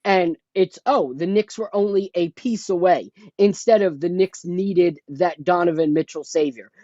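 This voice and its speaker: A man's voice: sits high, unhurried, warm tone, no room sound. A man co-hosting a casual sports podcast, making an emphatic, opinionated point at length. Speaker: podcast co-host. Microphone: headphones with a remote mic. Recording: dull lo-fi headset mic.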